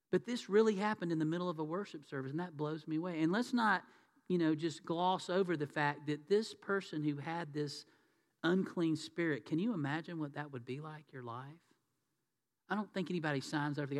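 Guy preaching, kinda high voice, long echo off the church walls. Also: fairly bright tone. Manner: conversational preaching, rhetorical questions. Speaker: pastor. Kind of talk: sermon. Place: church sanctuary. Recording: long hall reverb.

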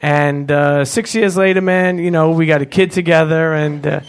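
A man hosting a live podcast in front of an audience, telling rambling, animated, profane stories and taking questions. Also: on the high side, moderate pace, slight background noise. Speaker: host. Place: live event space with audience.

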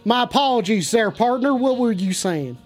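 Brash high-voiced man hosting a joke call-in show. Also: animated, normal speed. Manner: brash, profane, hyped-up announcing. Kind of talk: comic stream call-in bit.

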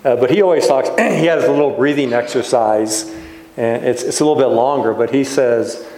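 A man, a pastor, giving a reflective sermon in a gentle, unhurried way with soft trailing pauses. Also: mid-range voice. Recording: echoey room.

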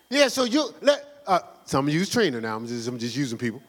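Male pastor, sermon, fervent and slangy; lively delivery with long hall echo. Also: medium pitch, moderate pace. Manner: fervent and conversational, slangy, exhorting the congregation.

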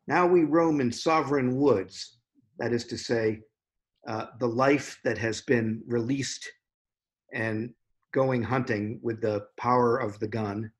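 A man in conversation about poetry, speaking at an ordinary middle pitch. He talks in a measured, reflective way, pausing often to gather his thoughts. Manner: thoughtful, unhurried, with frequent pauses and fillers. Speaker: poetry editor.

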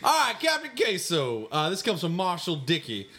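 A man's voice: huge pitch swings, normal speed, bright, forceful tone. A man, co-hosting a comedy show and answering listener mail in a mock-pompous voice. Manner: mock-pompous, swings between high squeaks and low mutters. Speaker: podcast co-host answering fan mail in character.

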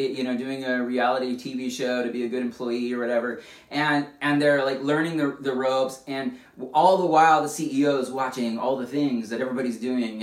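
A man preaching a sermon as a pastor, conversational and animated, often restarting his phrases. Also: medium pitch. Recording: echoey room, distant mic.

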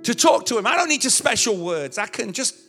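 A man's voice: very high-pitched, big pitch swings, fairly quick, sharp tone, faint music behind. A male pastor preaching a sermon in a conversational, illustrative way, with touches of humor. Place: church.

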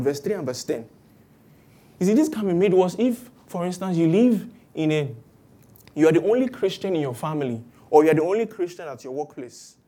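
A woman preaching a sermon, lively and acting out the voices of people she quotes. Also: on the low side. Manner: animated, acts out quoted voices with exclamations.

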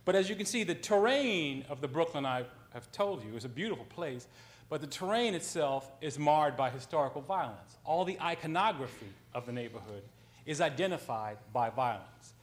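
A man's voice: a little high, lively intonation, moderate pace. A man on a panel, a writer, telling an anecdote in a conversational way, with frequent ums and self-corrections.

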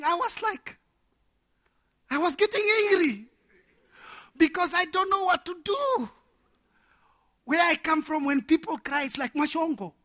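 A man preaching a sermon to men, animated and laughing as he acts out little scenes. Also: very high-pitched.

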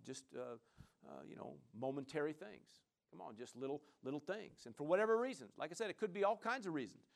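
A male pastor preaches in a casual, conversational way, full of fillers, dropping frequent amens and praise Gods between points. His voice is high-pitched with vocal fry.

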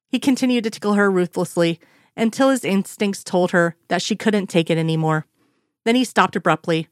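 A woman reads a story aloud in a steady, storytelling way. Her voice sits a little low for a woman. It is recorded close and dry, with no room sound. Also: dry recording. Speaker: narrator. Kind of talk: reading fan fiction aloud.

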